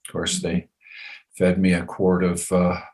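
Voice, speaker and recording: A man in his seventies, a guest in a conversation, telling a personal story with lively repetition and frequent chuckles. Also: sits low, a little slow. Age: 70s. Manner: animated, chuckles often, repeats phrases for effect.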